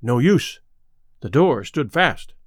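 A man narrating an audiobook ghost story in a measured storytelling manner. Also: mid-range voice, sing-song, no echo, clean studio sound.

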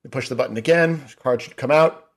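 A man's voice: medium pitch, fairly quick. Man in his forties telling rambling anecdotes. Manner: rambling, animated anecdote with frequent "like" fillers. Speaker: guest. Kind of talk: casual storytelling.

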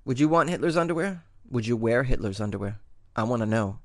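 A man's voice: mid-range voice, expressive, a little fast. Joking male podcast news host. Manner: joking, sarcastic, laughs between lines. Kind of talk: comedic news podcast monologue.

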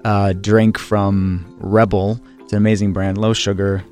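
A man with a lowish voice co-hosts a podcast from a remote location. His talk is breezy and upbeat, full of casual praise. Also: flat delivery, unhurried, darkish tone, soft background music. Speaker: co-host.

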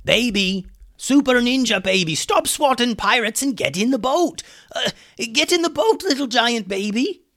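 A high, yelling winged wizard creature, as a storyteller puts him on. He talks loud and urgent, his voice leaping up well above the narrator's own. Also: very animated, brisk, vocal fry, few pauses, heavily acted. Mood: frantic.

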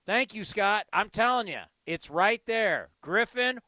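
A man's voice: high voice, animated, sharp tone, no echo. A man hosting sports call-in radio, joking in a playful, sarcastic way. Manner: playful, sarcastic, drawn-out delivery. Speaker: radio talk show host.

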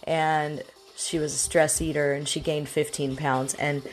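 A woman's voice: sits low, level tone, measured pace, soft background music. A woman hosting a talk show, chatting frankly and casually, acting out the lines she quotes. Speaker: podcast host.

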